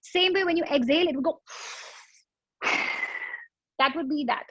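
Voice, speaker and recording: A woman's voice: high-pitched, fast, a bit bright, no echo, highs cut off. A woman yoga instructor guiding a breathing exercise, explaining patiently with analogies and demonstrations.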